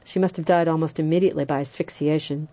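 A woman's voice: deep voice, fairly even intonation, fast talker, mellow, muffled recording, lightly acted. A woman voicing a male doctor who talks grimly and defensively. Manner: grim, defensive. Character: doctor man, defensive and shaken.

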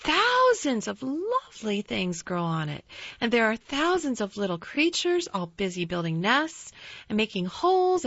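Mary, a bright insistent little girl voiced by a woman. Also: a little high, no room sound, voice pushed up, heavily acted. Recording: slightly dull, dry recording.

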